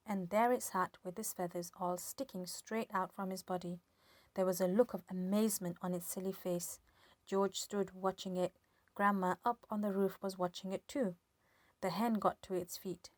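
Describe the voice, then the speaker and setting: A woman reading a children's story aloud with lively, expressive storytelling. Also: mid-range voice, no room sound. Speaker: storybook reader.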